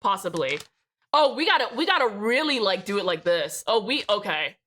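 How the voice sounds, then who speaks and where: A woman's voice: medium pitch, very animated, normal speed, fairly bright tone. A woman live streamer chatting casually with her chat, joking and swearing, with rambling restarts. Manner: profane, joking, reads out chat names.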